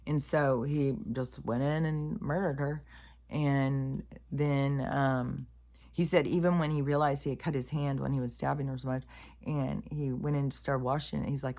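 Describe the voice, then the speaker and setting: A woman's voice: very deep voice, fairly even intonation, normal speed, mellow. A woman giving a casual spiritual monologue to camera in a blunt, profane, rambling way. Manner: plain-spoken, calls herself raunchy. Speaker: spiritual vlogger.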